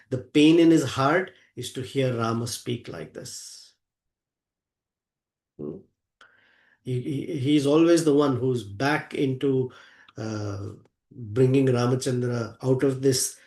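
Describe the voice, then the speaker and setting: A man's voice: medium pitch, darkish tone, reverberant. A man telling a scripture story as a devotional lecture, acting out the characters' lines and reciting Sanskrit verses, often asking "hmm?" to his listeners. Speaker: spiritual teacher.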